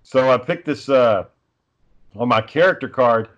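A man's voice: mid-range voice, unhurried, a bit bright, lo-fi sound, slight background noise. A man telling rambling, profane stories in casual chat with friends.

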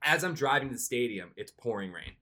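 A young man casually telling a long, animated story as a podcast co-host, often slipping into excited quoted self-talk. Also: medium pitch, brisk.

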